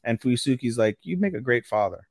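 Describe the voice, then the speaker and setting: A man's voice: mid-range voice, lively intonation, brisk, no echo, clean studio sound. Rambling man recapping an episode. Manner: rambling, stumbles on names, swears casually. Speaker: podcast co-host. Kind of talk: casual anime recap chat.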